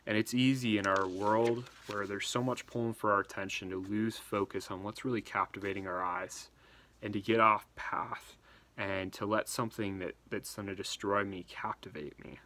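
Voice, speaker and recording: A man preaching a devotional sermon, earnest and urging, slowing down and dropping almost to a whisper on key words. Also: lowish voice, bright, forceful tone. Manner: earnest, urging, slows for emphasis.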